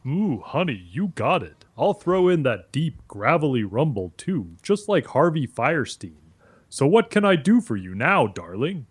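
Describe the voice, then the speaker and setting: A flamboyant, campy man put on by a male text-to-speech voice gushes with drawn-out endearments. The voice is gravelly and husky, and its pitch leaps about theatrically. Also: very animated, no room sound, full character voice.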